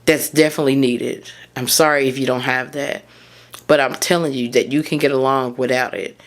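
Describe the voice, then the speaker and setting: A woman's voice: a bass voice, steady tone, fairly quick. A woman, hosting a solo podcast and talking candidly and heartfelt, often drifting off track. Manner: candid, heartfelt, rambling and prone to losing her thread. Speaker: podcast host and mindset coach.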